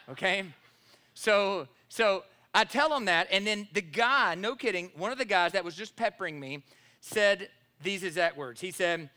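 A man's voice: high voice, a little slow, bright, forceful tone. A man, a pastor preaching a sermon and telling a personal story, acting out the dialogue with animation.

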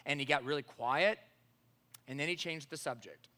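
A man's voice: on the high side, moderate pace, bright, forceful tone. A man, a pastor preaching a sermon and telling a personal story, acting out the dialogue with animation.

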